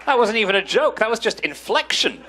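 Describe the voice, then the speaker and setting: British comedian, bright lively voice. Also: male voice, sits high, a little fast. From Britain. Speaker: stand-up comedian. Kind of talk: stand-up routine. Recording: live show with audience noise.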